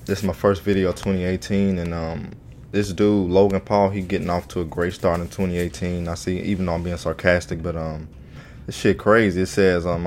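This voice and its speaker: Casting: man, lowish voice, loose rambling vlog commentary, lots of "you know". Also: flat delivery, brisk, darkish tone, a little hiss or hum. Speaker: YouTuber reacting to news.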